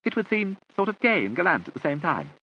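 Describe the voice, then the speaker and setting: A man voicing an excitable young girl who rushes eagerly through her ideas. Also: high-pitched, muffled recording, pitched above the performer's own voice, heavily acted. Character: quick-talking excitable girl Frid.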